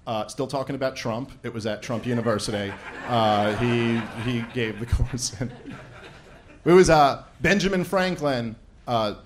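A man's medium-pitched voice comes a little slowly, with some hiss or hum, as he does stand-up to open a live event. He rambles sarcastically and often laughs at his own punchlines.

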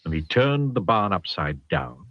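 A man reading a children's picture book aloud with a very expressive, swooping delivery. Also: low voice, unhurried, background noise. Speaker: storyteller. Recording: dull lo-fi sound.

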